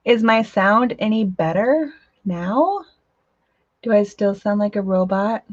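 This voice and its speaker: A woman's voice: medium pitch, lively intonation, slow, no room sound, highs cut off. A woman hosting a crafting live stream, chatting casually, reading viewer comments aloud and laughing often. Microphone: home microphone.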